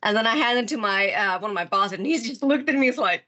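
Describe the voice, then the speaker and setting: A woman's voice: a little high, animated, quick pace, sharp tone, lo-fi sound. A woman on a casual podcast, stuffy and nasal from illness, swearing freely and searching for words.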